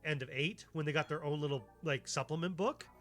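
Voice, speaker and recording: A man's voice: a little high, a little fast, fairly bright tone, soft background music. A man streaming a casual chat, rambling from tangent to tangent and swearing freely. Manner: rambling, tangent-jumping, profane. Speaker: streamer, host.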